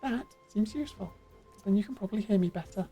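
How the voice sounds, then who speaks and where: A woman's voice: medium pitch, quick pace, mellow, faint music behind. A woman streaming a game, chatting casually and self-deprecatingly on a studio mic with a pop guard at home.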